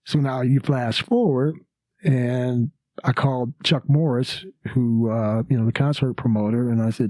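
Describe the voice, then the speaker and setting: A man who is a comedian and podcast guest tells a story casually in a podcast studio, using lots of fillers and acting out quotes. His voice is medium-pitched, steady, dark in tone and a little slow, with no echo.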